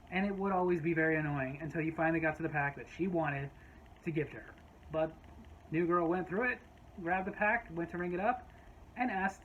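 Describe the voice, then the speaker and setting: A woman's voice: low-pitched, normal speed, phone-quality sound, slight background noise. Wry woman telling a work story. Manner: wry, exasperated retelling. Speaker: storyteller, former gas station clerk. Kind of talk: casual storytelling vlog.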